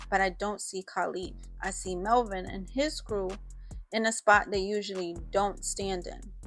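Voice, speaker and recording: A woman's voice: mid-range voice, fairly bright tone. A woman narrating a first-person story in casual slang, voicing the other people's lines in her own voice. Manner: casual street-slang storytelling, quick snappy delivery of quoted lines.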